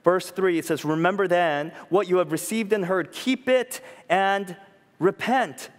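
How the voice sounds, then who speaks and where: A man's voice: sits high, unhurried. A man in his thirties or forties preaching a sermon in a conversational way, often asking "you know?" and acting out quotes. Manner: conversational preaching, tag questions, acted-out quotes. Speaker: pastor. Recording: long reverb of a church hall.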